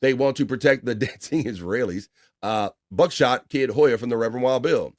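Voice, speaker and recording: A man hosting a casual livestream, reading viewer chat shout-outs aloud with laughs and loose swearing. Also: mid-range voice, normal speed, no echo, studio quality.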